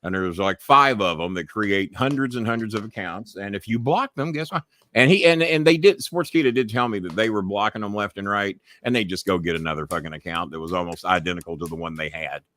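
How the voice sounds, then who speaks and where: A man's voice: lowish voice, fairly quick, fairly bright tone, no room sound. A man hosting a live podcast stream in casual chat, talking bluntly and swearing freely as he rambles. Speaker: podcast host.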